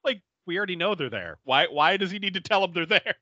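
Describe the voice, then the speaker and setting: A podcast co-host with a high voice talks fast while recapping a movie plot in casual chat. He laughs often and acts out quotes in different voices, and the recording is dry and dull.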